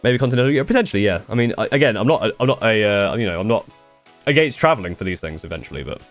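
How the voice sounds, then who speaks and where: A man's voice: lowish voice, lively intonation, racing, faint music behind. A young man chatting casually on a live stream, answering viewer questions in a rambling way with restarts and the odd swear. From United Kingdom.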